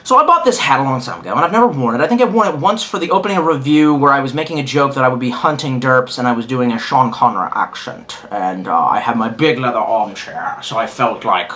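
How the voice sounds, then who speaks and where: A man's voice: mid-range voice, expressive, fast, hardly any pauses, fairly bright tone, slight background noise. A young man talking straight to camera in a crude, sarcastic, rambling monologue full of profanity. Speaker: vlogger.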